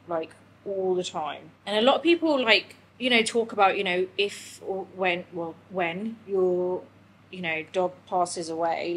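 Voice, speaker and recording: A young woman talks through a personal vlog in a loose, rambling way, her voice going tearful as she speaks. Her pitch sits mid-range. A faint hiss of noise runs underneath. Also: a bit bright, low-quality recording. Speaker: vlogger. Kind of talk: candid vlog chat.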